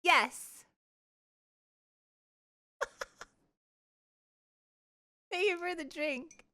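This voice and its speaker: A woman's voice: extremely high pitch, extremely slow, pushed and bright. A young woman streamer chatting casually with her live chat, playful and giggly, trying out words with a mock French accent.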